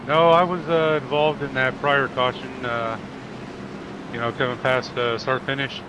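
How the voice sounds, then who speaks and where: A man's voice: medium pitch, level tone, moderate pace, background noise. A man interviewed mid-race as a driver, polite and hesitant, with many fillers.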